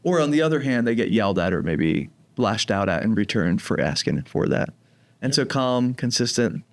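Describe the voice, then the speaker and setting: A man from New Jersey with a light New Jersey accent, a program director giving calm, jokey explanations in a podcast interview. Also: on the low side, normal speed. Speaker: program director of teen residential treatment.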